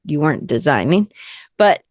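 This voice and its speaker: A Southern American woman hosting a podcast, talking casually in a rambling, lively way that often stops and restarts. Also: low-pitched, normal speed, no echo, clean studio sound. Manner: rambling, lively, self-interrupting. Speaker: podcast host. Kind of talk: casual conversation.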